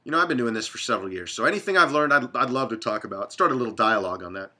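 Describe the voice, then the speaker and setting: A man's voice: mid-range voice, animated, very fast, bright, forceful tone. A man from Dallas hosting a casual sports betting talk, blunt and profane, rambling from one game to the next. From Dallas, Texas.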